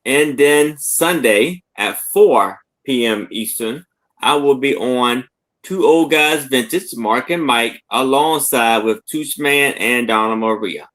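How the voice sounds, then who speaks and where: Unhurried man selling live. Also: medium pitch, fairly bright tone. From Maryland, US. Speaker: guest reseller. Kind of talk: live sale chat.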